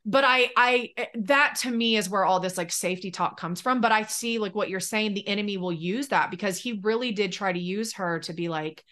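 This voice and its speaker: A woman in a podcast conversation tells a personal story with lots of energy, slipping into other people's voices as she recounts what was said. Her tone is bright and forward, sitting at an ordinary middle pitch. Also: brisk, few pauses. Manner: animated, acts out quoted exchanges in lively voices. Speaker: business coach, podcast guest. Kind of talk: candid storytelling in casual conversation.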